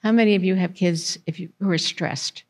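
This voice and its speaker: A woman's voice: on the low side, steady tone, fairly quick. A woman giving a conversational presentation to parents in a library meeting room, putting questions to the audience.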